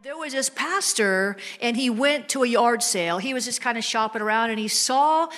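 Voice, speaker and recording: A woman preacher delivering an animated sermon full of playful storytelling. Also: fairly high pitch, moderate pace.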